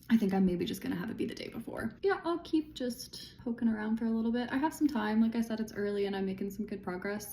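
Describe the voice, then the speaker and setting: A woman's voice: mid-range voice, warm tone, slight background noise. A woman writer vlogging her progress late at night, crying and laughing as she rambles, sometimes dropping to a whisper. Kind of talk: late-night casual vlog. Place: indoors at her computer.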